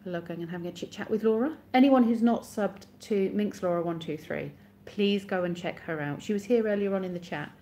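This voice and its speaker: A woman's voice: medium pitch, brisk, few pauses, dark tone, slight background noise. A woman in her thirties, chatting casually on a live stream and answering viewers' comments as they come in.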